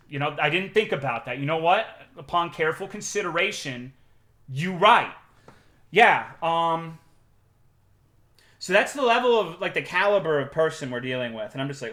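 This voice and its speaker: A man streaming live, telling a work story in a profane, animated and sarcastic way. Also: on the high side, moderate pace, reverberant. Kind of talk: casual livestream storytelling.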